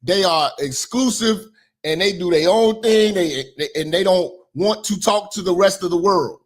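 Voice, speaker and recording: A man hosting a commentary channel, reacting to news clips with loud mocking remarks. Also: high-pitched, moderate pace. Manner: loud mocking reactions, shouts, sing-song outro.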